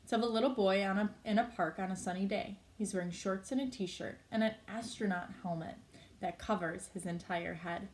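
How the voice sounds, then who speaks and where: A woman at a middle pitch reads a novel aloud. Her delivery is plain and unpolished. She now and then stumbles over a word and corrects herself as she goes. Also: a little fast, a little hiss or hum. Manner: plain reading with small slips and self-corrections. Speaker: reader.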